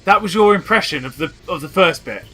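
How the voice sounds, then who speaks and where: A man co-hosting a let's-play, teasing his friend and quick to joke. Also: sits high, expressive, sharp tone, faint music behind. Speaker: co-host of a gaming channel. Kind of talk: casual let's-play commentary.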